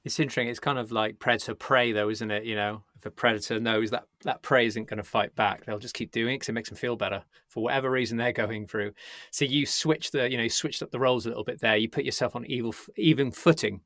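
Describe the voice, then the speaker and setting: A man's voice: medium pitch, fairly even intonation, quick pace, fairly bright tone, dry recording, clean studio sound. A man hosting a talk show, reflecting thoughtfully on what his guest says and often ending points with tag questions. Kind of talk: reflective interview commentary.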